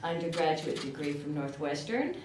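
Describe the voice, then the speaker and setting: An older woman with a rural southern Illinois accent gives a chatty, self-deprecating speech, her voice sitting a little low. She is picked up from a distance in an echoey room. Steady background noise runs under her. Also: moderate pace. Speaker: award recipient. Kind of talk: acceptance speech.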